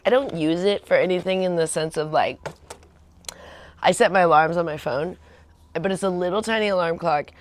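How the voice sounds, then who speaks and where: Chatting from home as a livestream host, a woman rambles casually, laughs a lot and acts out the voices of people she's quoting. Her voice is lowish, at a normal speed, with frequent pauses.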